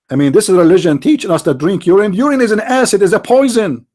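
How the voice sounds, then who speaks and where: A man's voice: high voice, fast, few pauses, a little mellow. A man hosting a live call-in show, talking bluntly and mockingly in broken grammar. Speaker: host of a live call-in challenge. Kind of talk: unscripted live talk.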